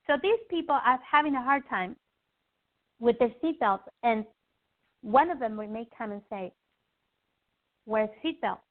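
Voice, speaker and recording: Woman guest, fairly high voice, casual spiritual teaching, animated storytelling with acted-out bits; tinny phone-line sound. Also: moderate pace, pauses often. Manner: animated, acts out little scenes in quoted voices; repeats "okay?" to check in with the listener. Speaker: podcast guest.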